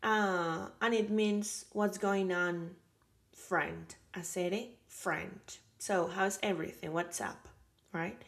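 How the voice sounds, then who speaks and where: Unhurried Colombian woman with gravelly voice. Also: mid-range voice, fairly even intonation. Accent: Colombian Caribbean Spanish. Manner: chatty, many fillers and repeated example phrases. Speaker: Spanish teacher. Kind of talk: casual language lesson.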